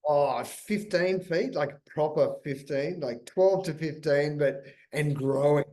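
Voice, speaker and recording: A man's voice: fairly high pitch, takes it slowly, mellow. A middle-aged Australian man, a guest in casual chat, talking in a loose, rambling way and swearing freely. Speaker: guest, big wave surfer.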